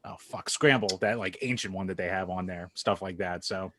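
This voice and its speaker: A man's voice: low-pitched, moderate pace, a loud crowd. A man co-hosting a podcast in casual chat, joking wryly at his own expense. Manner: wry, self-deprecating joking. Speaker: podcast co-host.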